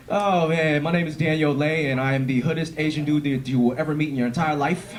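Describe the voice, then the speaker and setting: A man's voice: fairly quick, few pauses, background noise. A young man doing a stand-up comedy set on a club stage, with a punchy, swaggering delivery. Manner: punchy, swaggering delivery with lively pitch swings.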